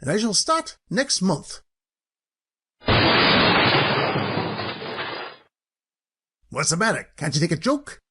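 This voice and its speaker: A woman voicing a grumpy old miserly man in an animated film, pleading and dramatic. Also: fairly low pitch, normal speed, slightly rough, full character voice. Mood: joking.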